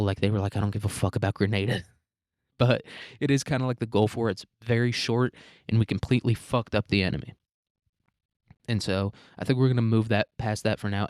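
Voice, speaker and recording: Young man, casual profane host type, low-pitched, dry, loose and rambling. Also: darkish tone, clean tone, no echo. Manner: rambling, crude, laughs often, lots of "like" and "dude". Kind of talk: casual profane ranking chat.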